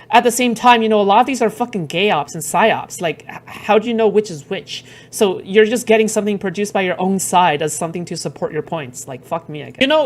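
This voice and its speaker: Profane, exasperated woman streamer. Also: medium pitch. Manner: rambling with many fillers. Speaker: streamer reacting to clips. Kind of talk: casual reaction commentary.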